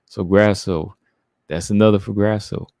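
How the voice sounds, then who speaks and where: A man with a fairly low, a little mellow voice and fairly even intonation hosts a casual live stream at normal speed. He reads viewer comments aloud and answers them chattily, in clean studio audio with no room sound.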